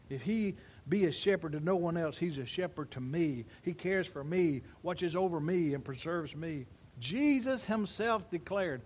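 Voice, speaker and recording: Emphatic preaching man, fairly high voice. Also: slightly rough. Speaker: pastor. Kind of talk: sermon.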